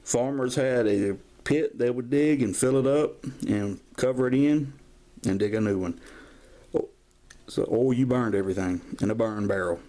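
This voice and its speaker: A man's voice: medium pitch, moderate pace, dark tone. A man, rambling in a folksy way through a casual show-and-tell of his toy collection, recorded on a camera mic at home. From Georgia, US. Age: 50s. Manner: rambling, folksy, drifts into stories. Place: at home, filming toys on camera.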